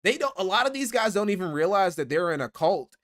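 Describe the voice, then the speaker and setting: A man's voice: sits high, very animated, fast, a bit bright. A man hosting a livestream, reading donations aloud and ranting in a profane, exasperated way. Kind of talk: casual livestream commentary.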